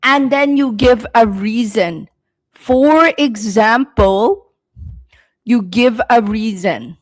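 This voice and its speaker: A young adult woman teaching English speaking on a live stream, deliberate and encouraging, reading out viewers' answers and extending them. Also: on the high side.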